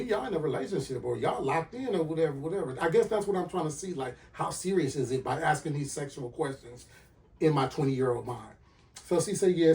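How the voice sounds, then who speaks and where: A man hosting a podcast, telling a personal story with lively acted-out dialogue and sound effects. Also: fairly high pitch, recorded from a distance. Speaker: podcast host.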